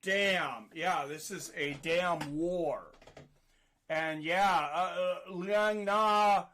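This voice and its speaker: A man giving excited live play-by-play fight commentary, rising to shouts at big moments. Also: high-pitched, extremely slow, a little hiss or hum.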